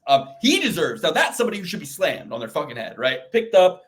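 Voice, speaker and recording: A man's voice: fairly high pitch, quick pace. Young guy on a fight podcast, goofy and swearing, voice bouncing all over. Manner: animated, joking, swears, does mock voices. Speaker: podcast co-host. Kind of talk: casual chat, fight picks.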